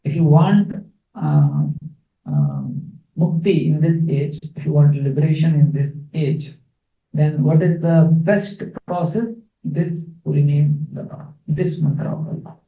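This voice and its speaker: A man giving a scripture class, explaining verses slowly with fillers and repeats. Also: a little high, big pitch swings. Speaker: spiritual teacher. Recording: echoey, phone-like, distant.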